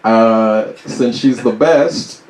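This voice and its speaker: A man's voice: mid-range voice, extremely slow, a little mellow. A man hosting a live comedy show in a small club, introducing comics with loose, joking patter. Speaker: show host. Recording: roomy club with background noise.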